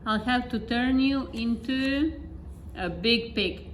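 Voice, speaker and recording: Stern, scolding storybook wizard read by a woman, slow and a bit high. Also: slight background noise. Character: stern magic wizard who teaches manners.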